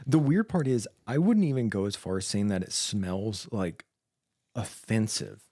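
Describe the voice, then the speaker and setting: A man co-hosting a podcast about emergency medical work, telling stories with dark jokes and laughing often. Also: fairly low pitch, animated, unhurried, no room sound, studio quality. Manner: joking, laughs at his own dark humor. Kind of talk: casual chat.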